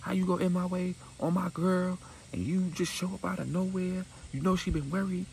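A man's voice: sits high, steady tone, moderate pace, creaky, a little mellow, slight background noise, voice pushed up. A man voicing an angry young woman who goes off at her friend's boyfriend, scolding and accusing. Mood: furious.

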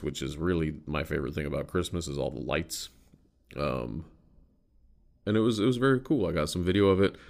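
A man's voice: very deep voice, vocal fry. An American man hosting a podcast, telling a story in a loose, rambling way with casual swearing. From United States. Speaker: podcast host.

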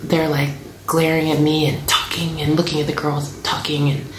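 A woman in her thirties telling a family travel story to camera in a chatty, animated way, acting out what people said. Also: low-pitched, moderate pace, echoey room, slight background noise, low-quality recording. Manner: chatty, animated, acts out quotes.

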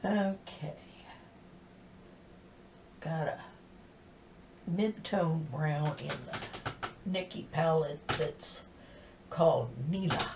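A woman's voice: deep voice, very slow, pauses often. A woman, chatting casually through a makeup tutorial and often dropping into half-whispers as she works. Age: 60s. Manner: soft-spoken, drifting into half-whispers while working. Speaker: makeup vlogger. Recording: distant mic with faint background hiss.

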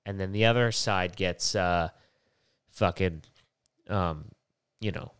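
A man's voice: deep voice, slow, a bit bright, clean tone, no echo, studio quality. A young man hosting a podcast while sick with a stuffy, nasal voice, rambling casually and swearing often. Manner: rambling, profane, digressive. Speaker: podcast host.

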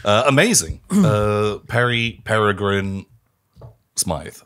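A man's voice: fairly low pitch, very animated, slow pace, fairly bright tone, clean tone. A man hosting a tabletop role-play as its keeper, with a theatrical, enthusiastic delivery. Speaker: game keeper and host. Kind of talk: scripted intro then hosting a tabletop game.

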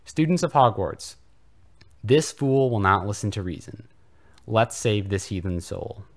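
A man's voice: fairly low pitch, lively intonation, unhurried. A man voicing a self-righteous, preachy old male headmaster in a comedic fanfiction reading.

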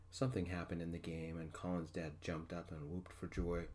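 Deep-voiced man, soft-spoken ASMR story. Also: level tone, slight background noise. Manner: gentle, unhurried first-person narration.

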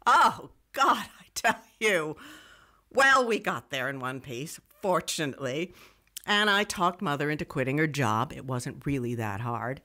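A wry, self-mocking young radio writer, telling her own story in scripted first-person narration. Her voice is bright and forward, and she tends to wander off into digressions. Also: low-pitched, big pitch swings, a little slow, heavily acted.

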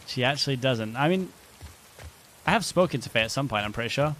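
A man's voice: medium pitch, expressive, a little fast, a bit bright, slight background noise. A man streaming a game, chatting casually and joking with his viewers. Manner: joking banter with chat. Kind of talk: casual live-stream chat.

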